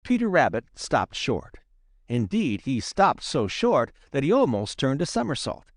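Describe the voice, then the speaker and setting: A man narrating a children's storybook in a lively, expressive reading style. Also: medium pitch, measured pace, dry recording, studio quality. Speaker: audiobook narrator.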